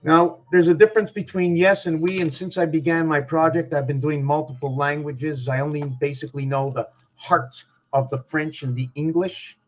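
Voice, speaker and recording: A man's voice: fairly high pitch, fairly even intonation, normal speed, hardly any pauses. A man giving a musing spiritual monologue who talks ponderously and asks himself questions aloud. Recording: dull lo-fi recording.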